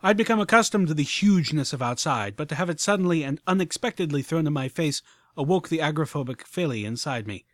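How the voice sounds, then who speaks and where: A man narrating a story in the first person with expressive, animated delivery. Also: a little high, fast, dry recording, studio quality. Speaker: audiobook narrator.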